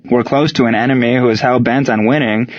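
A composed male wartime baseball coach, read by a man, speaks in plain, measured sentences meant to steady his players. The voice sits at an everyday middle pitch. The recording is slightly dull and lo-fi. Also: close to an everyday voice. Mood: wry.

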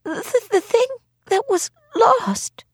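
A frail, feverish old grandmother, as a woman reading aloud puts her on, her voice weak and wavering. She sounds high and thin in this audiobook, recorded close and dry. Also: animated, slow, no echo, full character voice. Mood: confused.

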